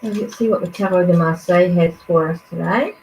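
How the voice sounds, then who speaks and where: A woman's voice: on the low side, brisk, darkish tone. A woman reading tarot cards on a live stream, talking in a hesitant, musing way with many fillers and restarts. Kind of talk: live card reading, casual. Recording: dull lo-fi stream audio with faint noise.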